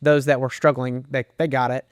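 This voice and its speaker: In an interview, a middle-aged man who serves as associate pastor and men's minister shares a frank personal testimony, earnest and broken by emotional pauses. He speaks in a level, mid-range, clean voice; there's no echo, though the high frequencies are cut off.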